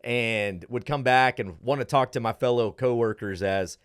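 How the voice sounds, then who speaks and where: A middle-aged man, a travel show host chatting as a podcast guest, animated, acting out the people he quotes. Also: medium pitch, quick pace, few pauses, no echo, studio quality. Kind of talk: casual podcast chat.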